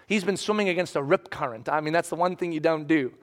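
A middle-aged man telling a personal story to an audience, animated, acting out voices and dropping to a hush at tense moments. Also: on the high side, fast. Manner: animated, acts out voices, swings from loud excitement to hushed.

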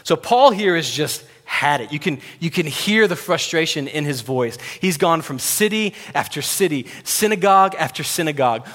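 A man's voice: fairly high pitch, animated, normal speed, hardly any pauses, fairly bright tone. A man preaching a sermon, conversational and emphatic as he retells scripture. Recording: long reverb of a large hall.

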